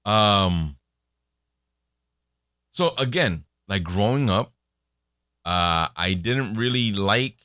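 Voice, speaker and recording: A man's voice: fairly low pitch, lively intonation, drawn-out words, long pauses, pushed and bright, smooth, no echo, studio quality. A man in his thirties hosting a podcast, talking in a casual, rambling monologue full of fillers and restarts. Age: 30s. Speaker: podcast host.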